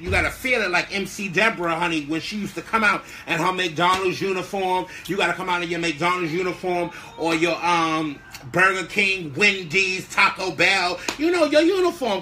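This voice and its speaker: A man's voice: high voice, pushed and bright, slight background noise. A man hosting a live stream in a sassy, flamboyant way, calling everyone honey and baby. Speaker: live-stream show host. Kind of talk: casual live-stream chat.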